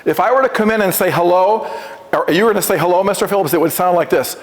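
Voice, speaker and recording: A visiting Oneida presenter, a high-voiced man who talks fast, teaches a class in a school room or hall with a long reverb. He stammers through restarts and asks the class questions in a call-and-repeat presentation.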